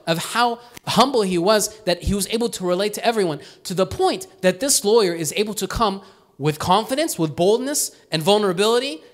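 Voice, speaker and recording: A man preaching a sermon as pastor, in a conversational, animated way, often tagging "right?" and acting out quotes. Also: high-pitched.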